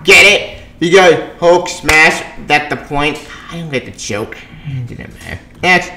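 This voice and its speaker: A man's voice: a little high, lively intonation, a little slow, sharp tone, a little hiss or hum. A man reviewing a comic book in a casual, rambling, sarcastic way, with many restarts and asides. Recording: roomy echo.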